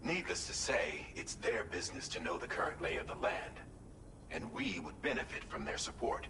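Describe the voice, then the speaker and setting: An actor voicing a calm male game character who gives a formal mission briefing in a measured way. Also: lowish voice. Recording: echoey, distant, noisy game audio.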